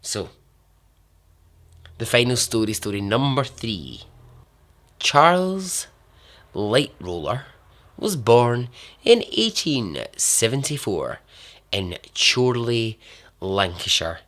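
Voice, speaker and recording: A man hosting a podcast, telling true survival stories in a casual way, repeating words for emphasis and letting phrases trail off softly. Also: medium pitch, very animated, slow, pauses often. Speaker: podcast host. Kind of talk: casual storytelling narration.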